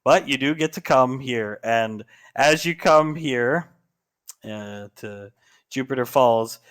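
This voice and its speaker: A man narrating as game master of a tabletop game, animated and laughing as he goes. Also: mid-range voice, takes it slowly, clear, resonant tone.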